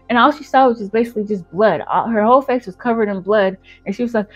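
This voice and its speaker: A woman's voice: fairly high pitch, brisk, dull audio, faint music behind. A woman telling a storytime in a casual, chatty way, full of fillers. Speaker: channel host.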